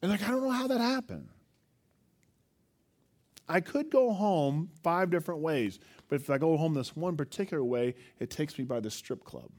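A man's voice: fairly high pitch, moderate pace. A male pastor preaching a sermon, telling stories with animation and asking the congregation questions. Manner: animated storytelling, acts out quotes, asks the listeners questions.

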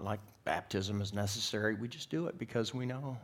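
A man preaching a sermon, swinging from loud, emphatic declarations to hushed, whispered lines. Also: fairly low pitch, a little fast, few pauses. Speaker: pastor.

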